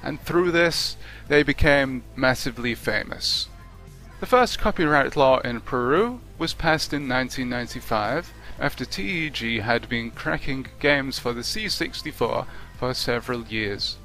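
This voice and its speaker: A man talking through a video game review off the cuff, his voice bright and forward. His tone is wry and conversational, with a mid-range pitch. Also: a little slow, faint music behind. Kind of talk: unscripted video review narration.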